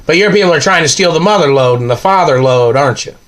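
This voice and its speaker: A man's voice: on the high side, expressive, fast talker, a bit bright. A man delivering an angry, accusing monologue, ranting and firing off repeated questions.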